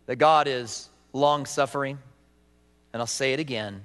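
A man's voice: mid-range voice, measured pace. Man preaching with a long hall echo. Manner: dynamic preaching, swings from loud emphasis to soft, hushed lines. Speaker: pastor. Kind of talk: sermon.

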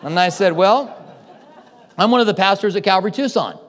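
A man's voice: high voice, brisk, some chatter behind. A man preaching a sermon as a pastor, telling stories in a conversational way and acting out what people said. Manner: conversational storytelling with acted-out quotes. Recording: hall reverb.

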